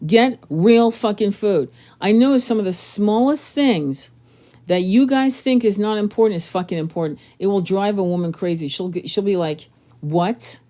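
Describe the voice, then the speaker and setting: A woman's voice: mid-range voice, moderate pace, mellow. A woman tarot reader giving blunt, profane relationship advice in a casual monologue.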